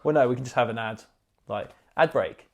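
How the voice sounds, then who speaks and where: A man's voice: mid-range voice, fast talker, darkish tone. A man co-hosting a podcast, casual chat, joking and swearing as he acts out voices. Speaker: podcast co-host.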